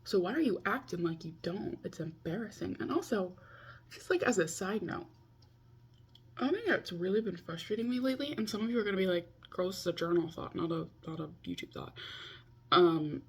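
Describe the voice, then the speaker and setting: A woman in her twenties talks to camera over a video call in a loose, confessional vlog. Her voice sits a little low and comes out husky and breathy, and she pokes fun at herself as she rambles. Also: expressive, fairly quick. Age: 20s. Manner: chatty, self-mocking, talks to herself. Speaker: vlogger.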